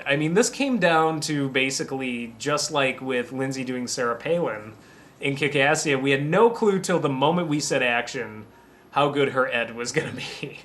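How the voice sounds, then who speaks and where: A man recording a commentary track about writing a film, rambling and anecdotal, often restarting his sentences and pausing to sip water. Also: medium pitch, animated, a bit bright. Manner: drinks water between remarks. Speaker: writer giving a film commentary.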